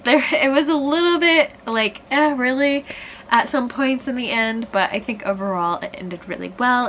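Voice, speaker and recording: A woman's voice: mid-range voice, fairly bright tone, a little hiss or hum, rough recording. A young woman with a congested voice, chatting enthusiastically as she reviews the books she read. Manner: chatty, enthusiastic, uses fillers like "like". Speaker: book vlogger. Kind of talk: casual book review vlog.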